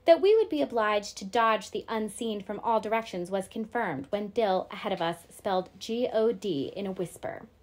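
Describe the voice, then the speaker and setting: A woman's voice: medium pitch, lively intonation, moderate pace, few pauses. Woman teacher reading a novel aloud.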